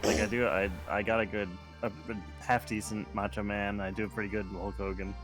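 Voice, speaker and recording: Laid-back male gamer, casual chat over clear music. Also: lowish voice, little pitch movement, brisk.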